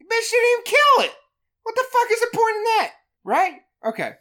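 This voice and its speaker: A woman hosting a podcast, retelling a movie in a crude, profanity-heavy, animated way. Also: very high voice, brisk. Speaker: podcast host. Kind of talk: casual comedic movie recap.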